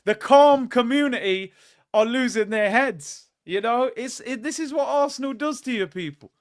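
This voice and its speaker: A man's voice: very high-pitched, moderate pace. A man hosting a casual livestream, chatting loosely, reading out viewer comments and calling his audience "people". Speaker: football fan channel host.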